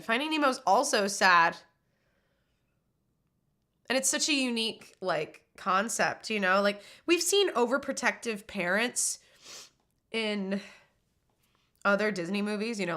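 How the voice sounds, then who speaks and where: Bright-voiced woman chatting on a stream. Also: mid-range voice, animated, unhurried, long pauses. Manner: slangy and loose, heavy on "like" and "dude"; swears casually. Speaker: live streamer ranking movies. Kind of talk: casual live-stream chat.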